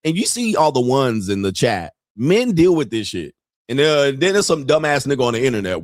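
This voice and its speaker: A male livestream host in a crude comedic rant, animated and acting out the people he talks about. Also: mid-range voice, normal speed, dry recording, studio quality.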